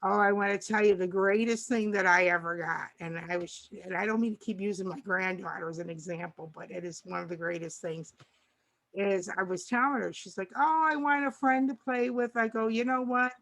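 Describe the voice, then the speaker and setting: A woman's voice: lowish voice, a little fast. An older woman, a grandmother and co-host, talking in a rambling, casual way and acting out little bits of dialogue. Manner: rambling, warm, restarts often and acts out dialogue. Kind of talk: casual chat.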